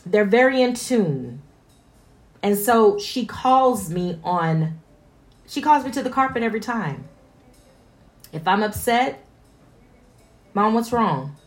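A woman's voice: medium pitch, expressive, slow pace, long pauses. A woman in her forties, a mother, speaking in an earnest, reflective personal monologue and stressing points through repetition.

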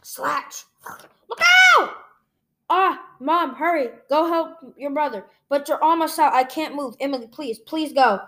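A woman's voice: sits high, measured pace, fairly bright tone. A woman reading a graphic novel aloud, saying the sound effects and the dialogue in the same reading voice. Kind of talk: read-aloud storytelling.

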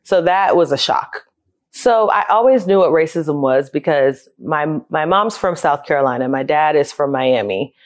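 A woman's voice: low-pitched, lively intonation, normal speed. Candid woman recalling her upbringing. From South Florida. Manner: candid, reflective, conversational. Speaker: interviewee, childcare business owner. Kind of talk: personal storytelling interview.

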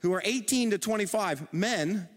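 A middle-aged man preaching a sermon as pastor, animated and calling on the congregation to respond. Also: high voice, normal speed. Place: church auditorium. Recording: long reverb of a large hall.

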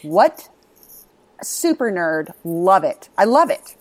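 A woman's voice: mid-range voice, very animated, takes it slowly, no echo. A woman in her thirties chatting casually and candidly about her kids, swearing freely. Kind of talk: casual chat.

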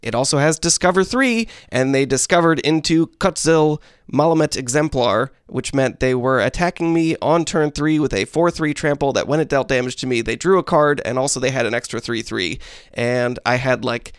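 A man in a casual podcast chat who talks at an even middle pitch. He lays things out in long, measured explanations with a dry joke now and then. The sound is dry and close, with no room echo. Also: clean tone. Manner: explains at length, measured and dryly joking. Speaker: podcast co-host.

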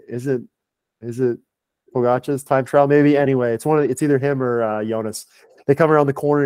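A man's voice: medium pitch, darkish tone, dry recording. A man on a podcast as a guest, a performance director, telling a long casual story full of "like". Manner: chatty, lots of filler "like".

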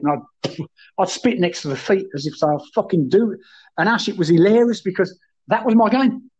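A man's voice: high-pitched, brisk, darkish tone, breathy edge, highs cut off. A man telling rowdy, sweary football stories in casual chat, addressing the host by name again and again. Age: 30s then, now older. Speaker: guest, former footballer.

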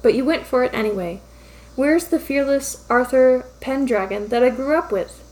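A woman's voice: high voice, lively intonation, moderate pace, darkish tone, low-quality recording. A woman reading as a drawling, teasing sister.

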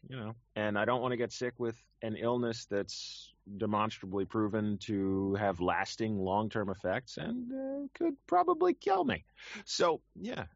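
A man's voice: lowish voice, dry recording, muffled recording. A man who works as a professional voice actor, talking casually and animatedly, with frequent restarts and fillers. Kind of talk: casual conversation.

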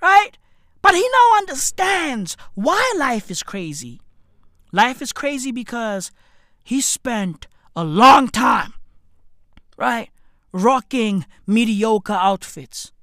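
An African woman hosts a podcast, delivering a profane, comedic rant full of slang, excitement, swearing, and frequent laughter as she swings from loud peaks to low mutters. She speaks slowly, and the studio recording is clean and dry.

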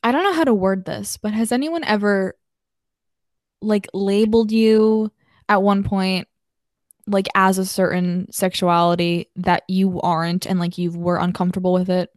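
A young woman co-hosting a podcast in casual chat, animated and emotional, laughing often. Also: mid-range voice, normal speed, no room sound, studio quality. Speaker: podcast co-host.

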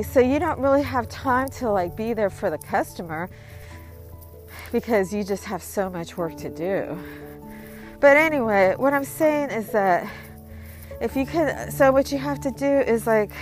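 A woman giving casual advice in a rambling, conversational monologue full of fillers. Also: medium pitch.

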